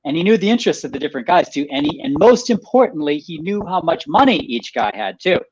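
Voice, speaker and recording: A man, an author guest in a radio interview, animated as he explains a story, restating points and laughing lightly. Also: a little high, quick pace, highs cut off, a little hiss or hum.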